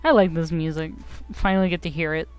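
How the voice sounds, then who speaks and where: A woman's voice: low-pitched, fairly even intonation, fast talker, clear, resonant tone, dry recording, soft background music. A young woman streamer giving casual gameplay commentary with wry, joking asides.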